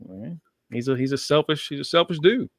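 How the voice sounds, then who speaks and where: A man's voice: on the high side, animated, fast talker, dry recording, studio quality. A man hosting a casual TV review chat, cursing and laughing often as he talks. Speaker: podcast host.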